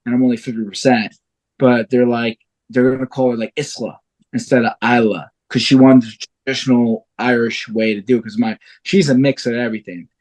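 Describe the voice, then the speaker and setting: A man's voice: mid-range voice, brisk. A man in his thirties, a fighter and guest on a podcast, telling stories in casual chat and swearing freely. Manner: animated storyteller, swears freely.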